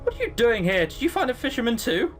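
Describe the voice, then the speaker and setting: A man voicing a fierce young pirate woman from a visual novel, with a sharp, demanding manner. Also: very high-pitched, big pitch swings, fast talker, faint music behind, voice pushed up, full character voice. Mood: challenging.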